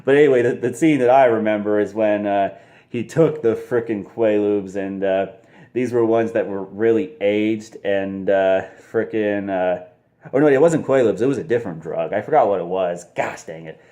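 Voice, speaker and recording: A man's voice: fairly low pitch, normal speed, dark tone. A man casually reviewing a movie, rambling with lots of fillers and frequent laughs.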